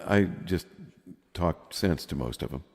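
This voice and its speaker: A man's voice: low-pitched, lively intonation, measured pace, vocal fry, darkish tone, long reverb tail. A man in his fifties telling a long rambling story in casual chat, laughing as he goes. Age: 50s. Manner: rambling, laughs often while telling stories. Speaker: podcast co-host.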